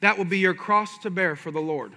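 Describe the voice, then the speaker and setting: A man's voice: high voice, a little fast, pushed and bright. A man in his thirties preaching a sermon with passion and energy, mixing in folksy asides. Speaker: pastor.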